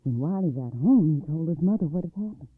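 Husky man reading a folktale. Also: fairly quick, no room sound. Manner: expressive, varies pitch and volume. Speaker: storyteller. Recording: dry tinny phone-like line.

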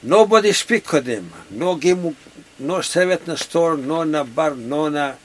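A man's voice: fairly high pitch, lively intonation, unhurried. An older man from Yugoslavia with a Yugoslavian accent, speaking broken English and often repeating "you see" in an oral history interview. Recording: 1970s tape with background noise.

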